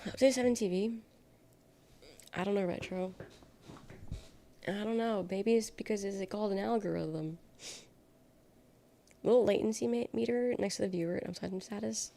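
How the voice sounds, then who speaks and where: A woman's voice: mid-range voice, normal speed, gravelly, pauses often, warm tone. A young adult woman streamer chatting casually and sarcastically, reading viewer comments aloud and rambling between topics. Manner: rambling, sarcastic, reacts to chat. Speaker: livestreamer.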